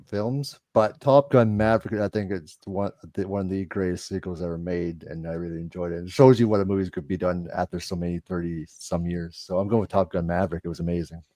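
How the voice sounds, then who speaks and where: A man giving his picks as a panelist, measured and opening with hesitations. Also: sits low, mellow, dry recording. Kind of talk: casual group chat.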